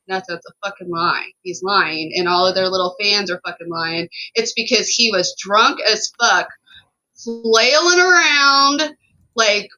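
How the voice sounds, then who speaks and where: Bright-voiced woman telling a heated story. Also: medium pitch, low-quality recording. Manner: emphatic and profane, rapid run-on storytelling. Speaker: podcast co-host. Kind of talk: casual podcast storytelling.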